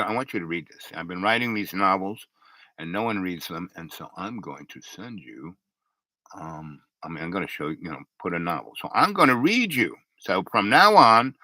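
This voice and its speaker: A man's voice: fairly low pitch, pushed and bright, dry recording. A middle-aged man telling a meandering personal story, full of fillers and restarts. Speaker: vlogger. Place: lives in a converted school bus.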